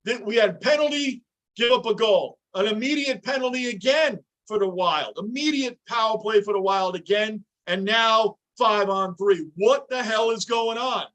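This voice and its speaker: A livestreaming man reacts to a hockey game from his basement, his high, bright voice jumping to shouts at penalties and saves. He greets chatters by name between calls. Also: moderate pace. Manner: excitable, yells at the game. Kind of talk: live game reaction with chat shout-outs. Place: home basement.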